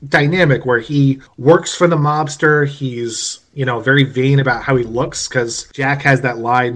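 A man's voice: mid-range voice, steady tone, unhurried, few pauses, fairly bright tone. A man co-hosting a casual film review chat, talking in long rambling runs with jokey asides. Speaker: movie podcast co-host.

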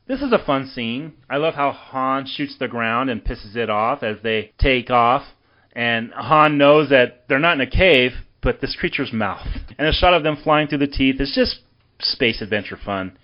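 A man's voice: medium pitch, animated, moderate pace, muffled recording. A man hosting a casual film podcast, animatedly recapping scenes and passing the question to his co-hosts. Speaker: podcast host.

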